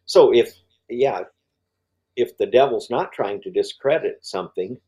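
A man's voice: mid-range voice, expressive, unhurried, mellow, husky, low-quality recording. An older man as an interview guest, talking through his faith story, rambling with many fillers and restarts. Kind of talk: podcast interview conversation.

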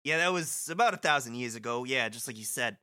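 A man's voice: mid-range voice, animated, fast talker, bright, forceful tone, no room sound, clean studio sound, pitched below the performer's own voice. A man reading aloud as an easygoing male island ball-team coach, in a folksy, chatty way, sometimes putting on a New York accent. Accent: New York put-on. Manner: laid-back, folksy, chatty. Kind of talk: casual script read-aloud.

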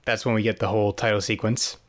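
A podcast co-host recaps a TV episode casually, with a dry, sarcastic tone and plenty of fillers and restarts. He's a fast talker with a lowish voice and a level tone.

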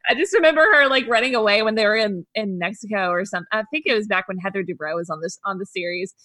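A woman's voice: mid-range voice, fast talker, sharp tone, no echo. A woman co-hosting a podcast, chatting casually and gossiping, laughing a lot and acting out quotes. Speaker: podcast co-host. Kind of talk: casual chat.

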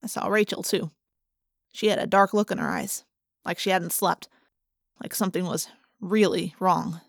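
Woman narrating a teen novel, expressive. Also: lowish voice, moderate pace, vocal fry, dry recording, clean studio sound. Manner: expressive, wry, conversational. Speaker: audiobook reader. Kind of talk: first-person novel narration.

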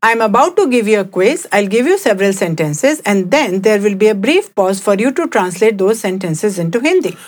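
Woman, lively pitch, deliberate scripted lesson delivery. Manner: clear, deliberate explaining. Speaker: language teacher.

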